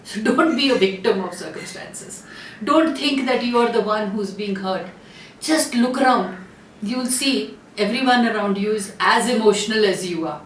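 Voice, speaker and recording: A woman's voice: medium pitch, normal speed, reverberant, distant mic, a little hiss or hum. A woman astrologer talking to camera in an earnest, chatty way, with frequent fillers and restarts. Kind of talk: casual talk to camera.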